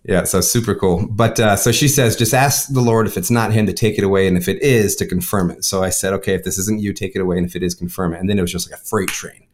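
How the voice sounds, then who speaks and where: A man tells his story at a brisk clip, often tagging his sentences with "right?". His voice sits a little low, and he rushes through a personal testimony in conversation. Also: steady tone, slight background noise. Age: adult with a son. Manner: fast storytelling, frequent "right?" tags. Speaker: guest.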